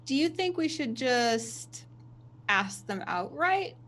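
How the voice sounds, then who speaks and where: A woman voicing a vain, imperious female ship captain who speaks in measured, self-important phrases. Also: high-pitched, big pitch swings, a bit bright, heavily acted. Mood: haughty.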